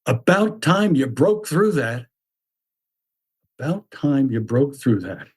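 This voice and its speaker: A stern, blunt mythic Greek man who wants to be left alone, read out by a man in his seventies. He speaks in short, unhurried commands with a husky edge to his voice. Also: medium pitch, sing-song, exaggerated voice. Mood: dry. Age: 70s.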